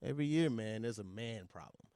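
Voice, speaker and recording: A man's voice: lowish voice, animated, fairly quick, warm tone, clean tone, no echo. Reflective man, podcast co-host. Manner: reflective, explains points step by step. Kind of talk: casual chat.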